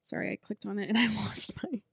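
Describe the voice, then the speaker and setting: A woman's voice: medium pitch, fast, creaky, husky, no echo, clean studio sound. A young woman co-hosting a podcast, chatting in an easygoing, agreeable way. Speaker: podcast co-host. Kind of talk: casual chat.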